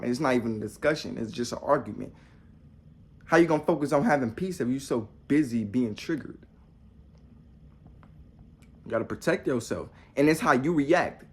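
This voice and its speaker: Husky young man preaching bluntly. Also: mid-range voice. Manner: blunt and profane, repeats rhetorical questions; preachy, talks straight to the viewer. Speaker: motivational vlogger. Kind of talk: casual motivational monologue.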